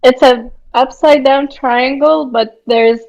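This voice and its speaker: A woman's voice: high voice, steady tone, slow, darkish tone, highs cut off. A woman chatting casually on a game stream, giggly and self-deprecating.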